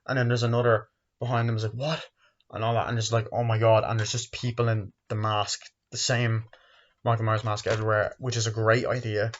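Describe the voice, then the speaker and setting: A man's voice: fairly low pitch, flat delivery, fairly quick, fairly bright tone. A man in his twenties giving a rambling, profane movie review from his bedroom, acting out scenes in a raised voice. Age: 20s. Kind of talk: casual spoken film review. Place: bedroom, indoors. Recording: dull lo-fi home recording.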